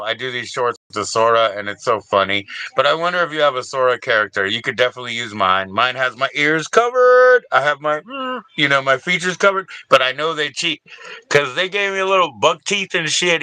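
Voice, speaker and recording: A man's voice: mid-range voice, sharp tone, clean tone, no echo. An older man hosting a casual livestream, rambling and laid-back, reading out viewers' names and chatting with them. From Washington DC area, US. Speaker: livestream host.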